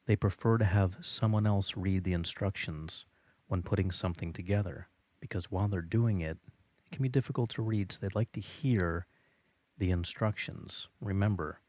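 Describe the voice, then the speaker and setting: A man giving a recorded audio lesson in a slow, steady instructional delivery. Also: low voice, no room sound, dull audio.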